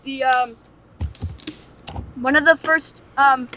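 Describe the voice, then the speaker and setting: A woman's voice: high voice, steady tone, takes it slowly, pushed and bright, slight background noise, poor audio. A woman in casual chat, rambling and giggling, often slipping into silly voices. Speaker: co-host.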